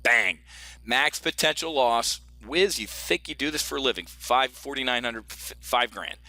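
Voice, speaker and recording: Brash, bright-voiced middle-aged man teaching trades. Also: mid-range voice, normal speed. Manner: brash, jokey, talks straight to viewers as folks. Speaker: options trading coach. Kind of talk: screen-share trading lesson. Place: home office.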